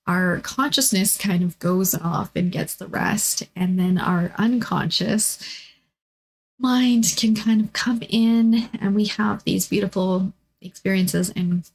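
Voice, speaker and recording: A woman's voice: medium pitch, slow, vocal fry, husky, rough recording. Rambling woman telling personal stories. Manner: rambling, with many fillers and restarts. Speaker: spiritual vlogger. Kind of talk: personal storytelling monologue.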